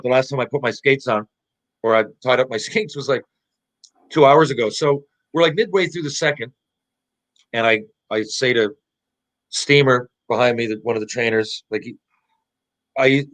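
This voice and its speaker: A man's voice: mid-range voice, fairly bright tone, rough recording. Rambling, profane man telling a hockey story. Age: 40s. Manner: rambling, profane, laughing anecdote-teller with many restarts. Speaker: podcast guest, former hockey player. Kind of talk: casual storytelling.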